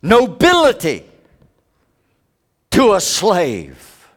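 A man preaching a sermon, with big dramatic swings from loud high peaks to hushed low stretches. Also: very animated, slow.

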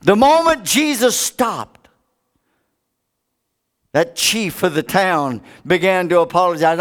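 A male preacher delivering an impassioned sermon. His voice is smooth and clear, swinging widely in pitch, and he takes an unhurried, deliberate pace. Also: animated, fairly bright tone. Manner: dramatic, impassioned, sweeping pitch.

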